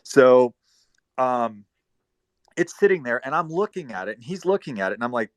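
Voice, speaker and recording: A man telling a long, rambling story in casual talk, profane, swinging between loud bursts and quiet asides. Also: medium pitch, big pitch swings, normal speed, dry recording.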